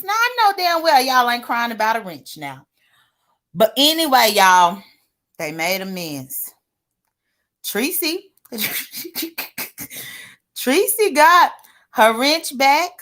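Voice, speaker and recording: A woman's voice: mid-range voice, a bit bright. A woman giving casual, sassy gossip commentary to her viewers, chatty and exclamatory. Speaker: online drama commentator.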